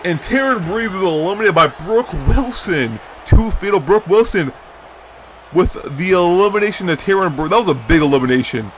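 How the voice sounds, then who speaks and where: This young man is commentating on a video game wrestling league, and he gets hyped, letting out high shouts whenever a big move lands. Between the action he talks to his viewers at a normal pace, with a little hiss or hum in the background.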